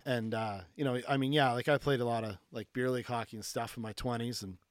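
Male podcast guest, animated, filler-heavy storyteller, dry close sound. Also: medium pitch, fast talker, no room sound. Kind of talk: casual storytelling.

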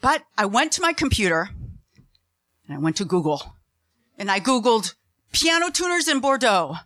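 A middle-aged woman telling a personal story on stage, animated and self-mocking, laughing now and then as she goes. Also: on the high side, normal speed, dry recording.

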